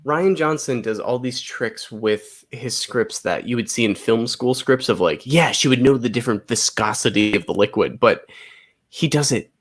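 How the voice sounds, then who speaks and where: A man's voice: medium pitch, expressive, normal speed. A man co-hosting a casual movie chat, analytical and a bit rambling, often restarting his sentences. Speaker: podcast co-host.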